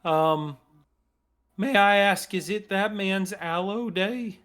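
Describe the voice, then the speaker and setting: A man's voice: high voice, takes it slowly, a bit bright, pitched above the performer's own voice. A man voicing Thorn, an earnest male cactus guide with a drawling country manner. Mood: folksy. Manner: drawling country talk, y'all-style folksiness.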